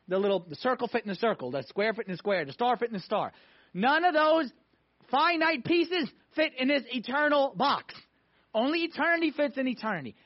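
A man preaching a sermon to a congregation, emphatic, swinging between loud pushes and hushed moments. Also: high voice. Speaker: pastor. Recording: dull lo-fi sound.

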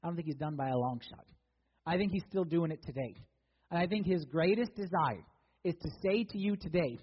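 A man's voice: fairly high pitch, lively intonation, a little fast, slightly rough. A man preaching a sermon in a casual, conversational way, acting out the people in the story as he goes. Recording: dull lo-fi sound with long hall reverb.

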